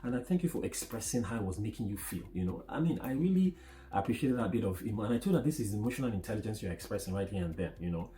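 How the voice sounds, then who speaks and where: A man co-hosting a podcast, telling stories in a calm, thoughtful way. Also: on the low side, rapid-fire, few pauses. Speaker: podcast co-host. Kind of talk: casual podcast chat.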